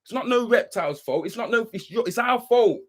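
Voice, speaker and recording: High-voiced man ranting heatedly. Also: expressive, brisk. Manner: profane, preachy, keeps asking "you understand?"; says he is worked up. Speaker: livestream host. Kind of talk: heated ranting monologue on a live stream.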